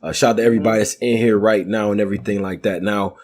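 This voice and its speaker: A man's voice: lowish voice, steady tone, very fast, darkish tone. A man hosting a casual podcast chat, easygoing and slangy. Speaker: podcast host.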